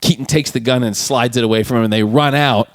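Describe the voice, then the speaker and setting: A man's voice: mid-range voice, fast, no room sound, studio quality. A man co-hosting a podcast, casually retelling a movie plot scene by scene and acting out bits of dialogue. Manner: animated storyteller acting out scenes with quoted voices. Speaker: podcast co-host.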